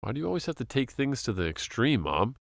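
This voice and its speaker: Casting: man as a fed-up young student son, gravelly voice with lively swings, dry close recording. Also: mid-range voice, fast talker, dry recording. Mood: exasperated. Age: young adult. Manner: exasperated, pleading.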